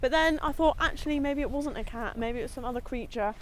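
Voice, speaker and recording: A woman chatting casually, enthusiastic and bright in manner. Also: sits high, quick pace, slight background noise. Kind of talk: casual chat.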